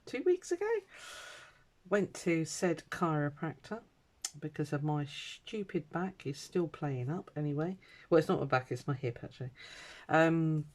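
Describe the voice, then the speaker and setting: A woman's voice: low voice, expressive, a little slow. A middle-aged British woman vlogging at her home craft desk, chatting in a rambling way with lots of ums and uhs. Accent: British English. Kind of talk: casual chat.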